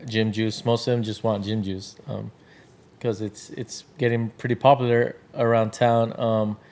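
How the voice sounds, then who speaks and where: A man's voice: fairly low pitch, flat delivery, unhurried, darkish tone. A man chatting casually as a podcast guest, rambling with lots of fillers and acting out quotes from other people. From Washington state, Tri-Cities area. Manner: loose, filler-heavy storytelling with acted-out quotes. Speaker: podcast guest, drink brand founder.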